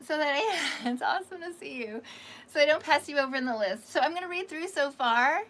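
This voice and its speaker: A woman from Canada with a slightly raspy voice hosts a casual psychic livestream. She chats warmly with viewers, calling them honey. Her voice sits high and sounds bright and forceful. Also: animated, a little fast. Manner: chatty and affectionate, calls viewers honey. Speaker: psychic reader hosting a livestream.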